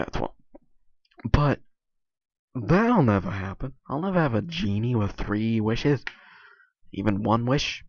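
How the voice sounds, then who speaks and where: A man's voice: on the low side, vocal fry, no echo. Young male vlogger, hesitant and filler-heavy, tired sore voice, lo-fi recording. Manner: hesitant, many restarts and "like" fillers. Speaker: YouTuber. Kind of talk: casual rambling vlog monologue.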